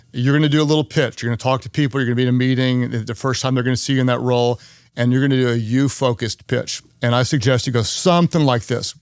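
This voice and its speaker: A man's voice: mid-range voice, no room sound, clean studio sound. A man hosting a leadership podcast, answering a listener question in an earnest, repetitive coaching tone. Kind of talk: conversational teaching.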